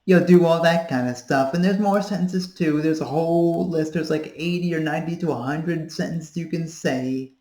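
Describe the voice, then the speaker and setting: A woman's voice: deep voice, normal speed, few pauses, mellow. A woman in her thirties giving a casual voice-training tutorial, rambling with fillers as she demonstrates sounds. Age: 30s. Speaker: voice coach. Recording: echoey room.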